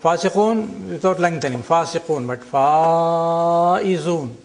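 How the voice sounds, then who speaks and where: An older man teaching a classroom lecture, explaining slowly and deliberately and drawing out example words. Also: sits high, expressive, vocal fry.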